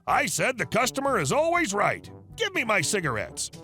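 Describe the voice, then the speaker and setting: A man's voice: a little high, big pitch swings, a little fast, faint music behind. A man reading as a rude, demanding customer in a storybook-style reading. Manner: demanding, yelling. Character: rude entitled male customer after closing.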